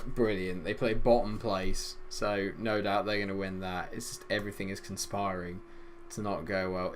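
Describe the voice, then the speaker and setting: A young man commentating on his football management game, swinging between loud exasperation and low grumbling. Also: fairly even intonation, normal speed, hardly any pauses, a little hiss or hum. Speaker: gaming YouTuber.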